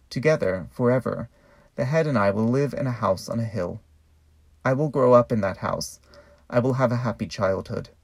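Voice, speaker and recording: A man performs a poetic monologue in a measured, theatrical delivery with an ironic edge. His voice sits in a middle pitch. The recording is close and dry. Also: no room sound.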